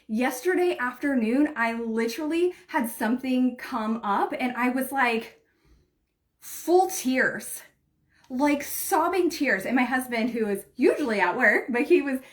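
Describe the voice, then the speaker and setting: A woman's voice: sits high, expressive, a little slow. A woman giving a heartfelt motivational livestream talk as a spiritual coach. She speaks directly to her viewers and often says "like" and "right?". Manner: earnest, heartfelt, leans heavily on "like" and "right?".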